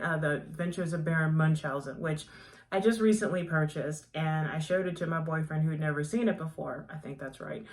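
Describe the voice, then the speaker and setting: A gushing, chatty woman who reviews books and breaks into easy laughter. Her voice sits a little low for a woman. She talks in loose, rambling asides. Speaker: book reviewer. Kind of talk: casual book review chat.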